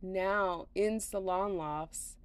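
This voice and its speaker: A woman's voice: mid-range voice, fairly even intonation, very slow, clear, resonant tone, no room sound. A slightly tired woman hosting a podcast from home, rambling casually with lots of fillers and laughs. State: a little tired. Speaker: podcast host.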